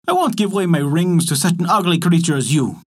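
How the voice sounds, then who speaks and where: Casting: man doing a snooty fairy-tale girl, raised husky voice, dismissive. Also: fairly high pitch, lively intonation, a little fast. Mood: scornful. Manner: scornful, dismissive. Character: haughty proud eldest daughter, young woman. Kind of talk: storybook character voice.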